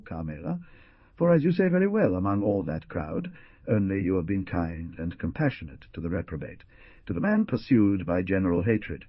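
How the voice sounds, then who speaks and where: A man's voice: low-pitched, breathy edge, dry recording, muffled recording, heavily acted. A man reading the part of a bitter, brooding young outlaw in an audiobook, with intense, impassioned pleading.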